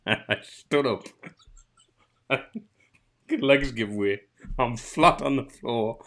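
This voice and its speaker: A man with a Geordie accent, co-hosting a podcast and telling a funny anecdote in a lively, laughing way. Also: medium pitch, drawn-out words, pauses often. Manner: animated anecdote teller, laughs through the story. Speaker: podcast co-host. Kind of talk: casual chat, storytelling.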